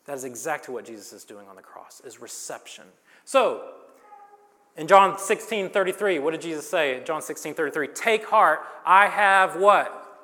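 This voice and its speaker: A man preaching a sermon, dramatic, swinging between loud and hushed lines and joking with the congregation. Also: fairly high pitch, lively intonation, brisk. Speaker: pastor. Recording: long reverb of a large hall.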